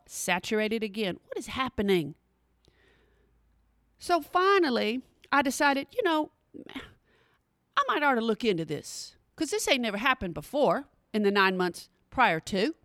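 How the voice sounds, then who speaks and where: A woman, telling a personal story in an animated, emphatic way and speaking straight to her listeners. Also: fairly high pitch, normal speed, pauses often, dry recording, clean studio sound.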